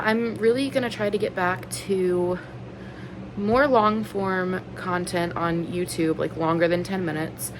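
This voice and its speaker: A woman's voice: fairly low pitch, background noise. A woman in her thirties chatting casually on her book vlog, rambling earnestly with lots of "like" and "um". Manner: rambling, filler-heavy, with many likes and ums; earnest and openly emotional. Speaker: book vlogger.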